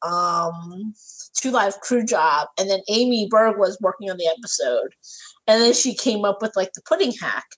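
A woman's voice: medium pitch, expressive, normal speed, poor audio. A woman co-hosting a casual chat, sharing blunt opinions about a TV episode. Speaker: podcast co-host.

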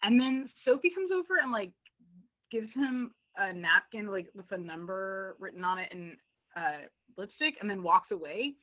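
Animated woman on a tinny line. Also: medium pitch, normal speed. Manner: animated, laughs often, acts out quotes. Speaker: podcast co-host. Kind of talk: casual recap chat. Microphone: remote call.

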